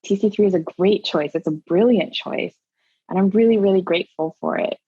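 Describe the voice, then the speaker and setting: A woman's voice: on the low side, a little fast, dark tone, breathy edge, dry recording, lo-fi sound. A woman alumni panelist speaking earnestly and enthusiastically in a panel discussion.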